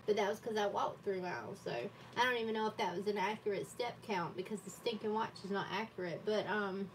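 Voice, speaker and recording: A woman's voice: mid-range voice, fairly even intonation, brisk, distant mic, slight background noise, poor audio. A woman hosting a live stream from her home desk, chatting casually and laughing often at herself. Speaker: livestream host. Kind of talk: casual chat while journaling.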